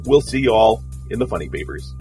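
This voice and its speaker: A man's voice: fairly low pitch, expressive, a little fast, mellow, faint music behind. A man hosting a webcomics news podcast, making dry, sarcastic asides. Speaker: podcast host.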